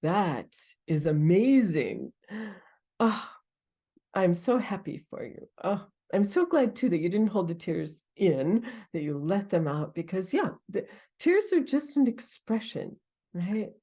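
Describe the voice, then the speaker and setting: Slow, lively-voiced woman meditation host. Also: medium pitch. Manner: warm, laughs often, gasps with delight. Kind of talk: group sharing after a meditation.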